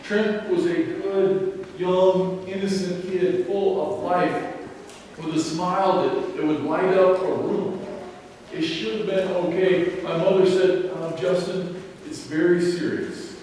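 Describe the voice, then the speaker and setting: A male pastor giving a sermon, telling a personal story in an earnest, deliberate way. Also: high-pitched, little pitch movement, darkish tone, a little hiss or hum. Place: church sanctuary. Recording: echoey sanctuary, mic at a distance.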